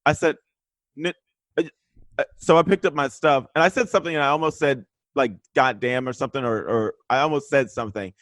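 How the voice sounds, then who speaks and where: A man's voice: mid-range voice, fairly quick, no echo. A man telling a story in casual chat as a guest, acting out the quotes. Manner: animated storyteller, acts out quotes. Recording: remote video call.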